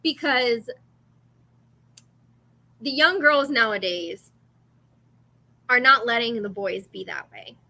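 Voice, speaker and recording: A woman co-hosts a relaxed podcast conversation in a bright, fairly high voice. She talks earnestly and thoughtfully, weighing each side before making her point. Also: takes it slowly, gravelly, pauses often. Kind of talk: casual chat.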